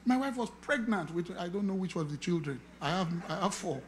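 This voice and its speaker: A man's voice: sits high, brisk. A man, a pastor preaching, telling a personal testimony with acted-out dialogue. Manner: animated storytelling, acting out dialogue, chanting affirmations. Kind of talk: sermon testimony.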